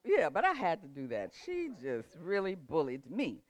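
An older woman with a low, full voice and a very lively swing in her pitch. She tells a story with frequent laughs and then turns to motivational advice. The sound is close and dry, with almost no room around her. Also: moderate pace, no echo. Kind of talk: casual storytelling and motivational talk.

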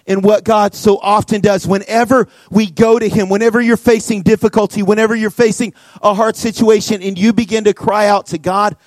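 High-voiced man preaching earnestly. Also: a little fast, hardly any pauses, no room sound. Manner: earnest, animated storytelling with many "like" fillers. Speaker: youth pastor. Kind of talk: sermon to students. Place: church youth room.

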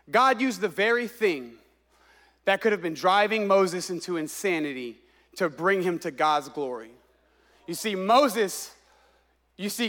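Very high-voiced impassioned male preacher. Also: a bit bright. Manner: impassioned, exclaiming, repeating phrases for emphasis. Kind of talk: sermon.

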